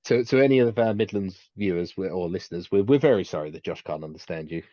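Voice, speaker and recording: Brief: male podcast co-host, lowish voice, rambling with fillers, muffled dead-dry mic. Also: animated, fast, dark tone, no room sound. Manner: rambling, many restarts and fillers. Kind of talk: casual chat.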